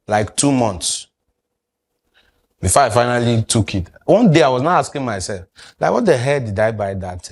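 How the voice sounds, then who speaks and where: A man, teaching a sales class and quizzing his audience. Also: medium pitch. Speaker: sales trainer. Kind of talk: classroom lecture.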